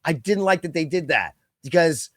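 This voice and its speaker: A young adult man co-hosting a casual podcast chat, rambling and animated, with lots of fillers and quick mock impressions. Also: a little high, no echo, studio quality. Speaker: podcast co-host.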